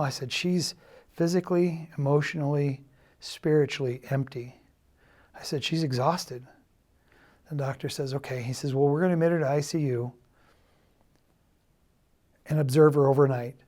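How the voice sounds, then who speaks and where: Sharing a testimony of loss at church, a middle-aged man talks softly, hesitates often, and repeats the words other people said. The tone stays steady and a little high, though emotion weighs on it and his voice cracks now and then.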